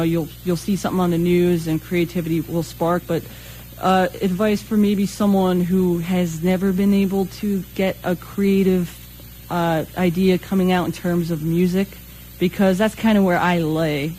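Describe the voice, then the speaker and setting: Young male radio host, high voice, hesitant interviewer. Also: steady tone, moderate pace, warm tone, a little hiss or hum, low-quality recording. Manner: hesitant, many fillers.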